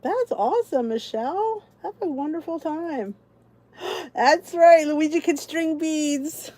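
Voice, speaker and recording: A woman's voice: sits high, animated, takes it slowly, mellow. A middle-aged woman from New Jersey hosting a casual livestream, chatting with viewers by name and laughing often. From New Jersey, USA. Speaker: channel host.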